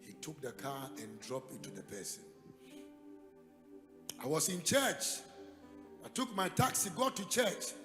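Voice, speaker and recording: A man with a Ghanaian accent preaching a sermon, telling a story dramatically and building to loud, emphatic peaks. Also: fairly high pitch, wildly swooping pitch, a little slow, long pauses. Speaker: pastor. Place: church hall. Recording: echoey hall with music behind.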